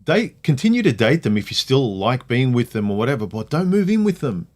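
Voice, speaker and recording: A man's voice: medium pitch, sing-song, a little fast, a little mellow. A middle-aged man hosting a casual livestream chat, opinionated and ranting, with many "like"s. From Australia. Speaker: livestream host.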